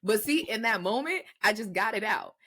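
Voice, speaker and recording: Lively, bright-voiced woman podcast co-host. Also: mid-range voice, moderate pace. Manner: animated storytelling with acted-out quotes, profane. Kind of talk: casual chat.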